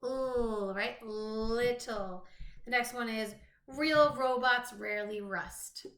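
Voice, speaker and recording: A woman teaching a phonics lesson to young children, slowly sounding out rhymes, letters and words. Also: fairly high pitch, fairly bright tone. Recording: echoey room.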